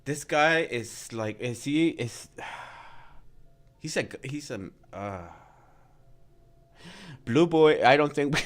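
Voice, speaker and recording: A man's voice: fairly high pitch, animated, very slow, long pauses. A man streaming live, reacting to a clip with profane, mocking commentary and frequent laughter. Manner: mocking and crude, laughs often.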